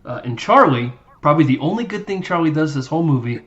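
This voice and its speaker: A man's voice: fairly high pitch, expressive, fast talker, a bit bright, dull audio. A man hosting a podcast, recapping a movie in casual, rambling chat and acting out lines in silly voices. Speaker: podcast host.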